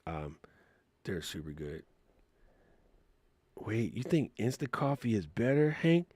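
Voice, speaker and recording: He speaks slowly in a fairly low, husky, slightly mellow voice, yet sounds very animated. Hosting a casual livestream Q&A, he answers chat questions with laid-back, slangy stories and frequent laughter. There's no room sound.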